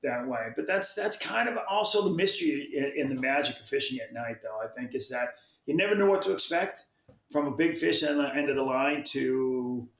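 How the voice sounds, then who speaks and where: Here the same kind of speaker, a male fishing magazine publisher, spins a drawn-out story in relaxed chat, restarting sentences and repeating himself as he rambles. His mid-range voice moves at a normal speed with a fairly bright tone, captured poorly in an echoey room.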